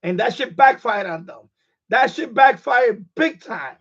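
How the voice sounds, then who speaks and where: A man's voice: very high-pitched, animated, unhurried, a bit bright, slightly rough, highs cut off. A man hosting a live stream in casual chat, boisterous and profane, laughing often.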